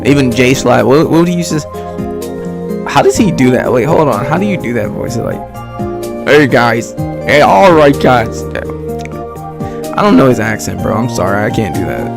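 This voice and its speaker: A man's voice: medium pitch, expressive, a little fast, vocal fry. A young man streaming live, chatting in a laid-back, rambling, slangy way and laughing often, with music playing behind him. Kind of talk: casual livestream reaction chat.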